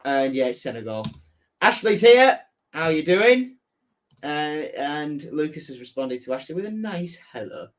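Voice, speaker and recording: A man's voice: a little high, very animated, a little slow. A young man with a Hull accent hosting a casual football live stream, chatting and reading out viewer messages. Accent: Hull, Yorkshire. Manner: chatty, reads out chat messages, self-correcting. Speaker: football fan channel host.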